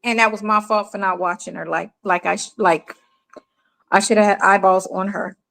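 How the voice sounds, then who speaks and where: Gravelly and medium in pitch, a middle-aged American woman's voice comes through poor audio at a normal speed. She's a mother telling stories in relaxed chat, full of energy, and she acts out the people she quotes.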